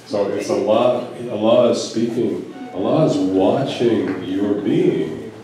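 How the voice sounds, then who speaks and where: A man's voice: fairly low pitch, takes it slowly, mellow, soft background music. A man giving a spiritual talk to a live gathering, telling a story with musing asides and chuckles. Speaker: Sufi teacher. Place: large hall at a spiritual retreat. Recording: echoey hall recorded from a distance.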